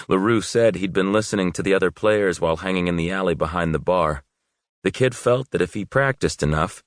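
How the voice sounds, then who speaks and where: Deep-voiced man narrating an audiobook. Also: no echo, studio quality. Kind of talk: scripted narration.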